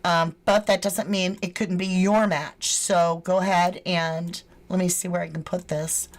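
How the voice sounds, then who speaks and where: On her true crime livestream, a woman greets viewers by reading their names aloud, chatting casually with some swearing. Her voice sits on the low side, level and unhurried.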